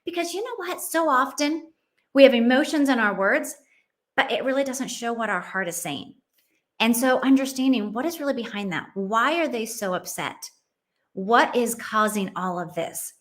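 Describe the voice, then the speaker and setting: A middle-aged woman with a slightly high voice tells a story from her family life. She hosts a Christian parenting show and speaks in an earnest, heartfelt way. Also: expressive, normal speed. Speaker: Christian parenting podcast host. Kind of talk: personal storytelling.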